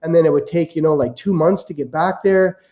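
Male guest, lively anecdotal storyteller, mellow tone. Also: fairly high pitch, brisk, muffled recording. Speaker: guest real estate investor. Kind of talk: casual storytelling.

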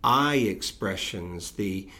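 A man from Tennessee and North Georgia co-hosting a casual talk, explaining things in drawn-out stories. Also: fairly low pitch, expressive, sharp tone. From Tennessee and North Georgia, United States. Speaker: co-host. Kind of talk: casual chat.

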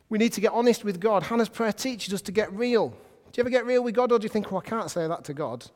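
Man, preacher, sermon, conversational, high voice, church hall echo. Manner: lively, conversational, asks the congregation questions. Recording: hall reverb.

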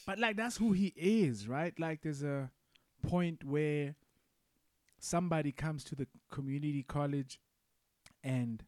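A podcast co-host chats in a relaxed, rambling way and swears freely. His voice is on the high side, slow and a little mellow, captured in a dry, studio-quality recording.

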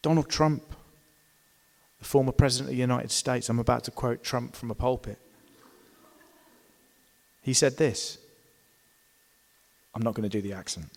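A male preacher delivering a sermon with strong emphasis, swinging from loud, stressed phrases to soft, hushed ones. His voice sits at a middling pitch, and the long reverb of a church hall trails after every word. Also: fairly even intonation, normal speed, vocal fry, pauses often.

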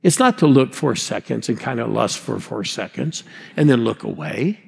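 A man's voice: mid-range voice, big pitch swings, moderate pace, gravelly, a little mellow, husky. Sixty-something pastor guy, rousing sermon, keeps calling out to the crowd, big echoey hall. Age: 60s. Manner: rousing, calls out to the congregation. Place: large church hall. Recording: long hall reverb.

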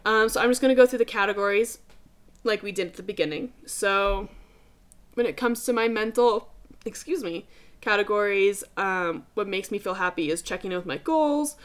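A woman's voice: mid-range voice, moderate pace. A young adult woman hosting a podcast, talking casually and emphatically, swearing freely and calling listeners dude. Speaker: podcast host. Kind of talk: casual motivational podcast talk.

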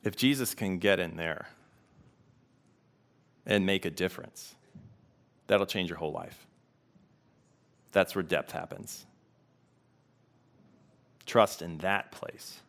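A man preaching a sermon as pastor, reflective and unhurried, pausing to let questions sink in. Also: deep voice, gravelly, fairly bright tone.

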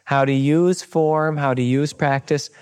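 Calm male meditation teacher. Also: on the high side, measured pace, clean tone. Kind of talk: dharma talk with personal stories.

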